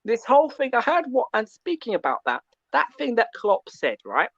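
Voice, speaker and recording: A male caller ranting about football, loud and animated, who keeps asking "yeah?" between points. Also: very high-pitched, normal speed, gravelly, no room sound, lo-fi sound. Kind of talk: call-in football rant.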